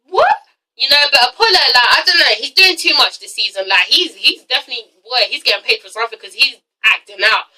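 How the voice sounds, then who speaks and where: A woman's voice: sits high, lively intonation, quick pace, sharp tone, recorded from a distance, rough recording. A woman reviewing a TV episode in a casual, gossipy rant, frank and swearing freely. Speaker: TV show reviewer.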